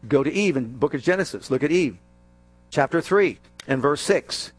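A male preacher giving a sermon, animated and jokey, acting out scenes as he goes. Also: on the high side, moderate pace, dry recording, faint music behind.

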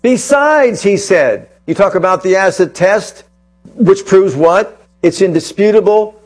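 A man's voice: high voice, expressive, a little slow, darkish tone. A man preaching a sermon to his congregation, quoting scripture and asking emphatic rhetorical questions.

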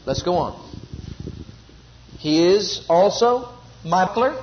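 High-voiced preacher man, emphatic. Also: animated, takes it slowly, muffled recording, a little hiss or hum. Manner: emphatic, repetitive, leads congregation in responses. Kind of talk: sermon.

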